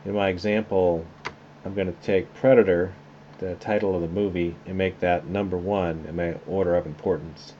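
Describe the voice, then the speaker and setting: A man teaching a class through a software tutorial, talking casually and thinking aloud as he works. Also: deep voice, normal speed. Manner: relaxed, conversational, thinking aloud while clicking. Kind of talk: screen-recorded software tutorial. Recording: slightly dull lo-fi sound with faint noise.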